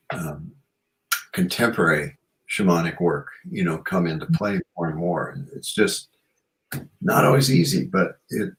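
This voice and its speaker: Heard through a low-quality recording, this man has a low voice. He's being interviewed as a guest author and shamanic practitioner, reflecting earnestly and musing, and "you know" crops up often in his speech.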